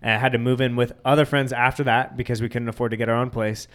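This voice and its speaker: A man's voice: medium pitch, little pitch movement, quick pace, fairly bright tone. A man in his late twenties chatting casually as a podcast co-host, laid-back and full of "like" and "you know what I mean". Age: late 20s. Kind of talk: casual chat.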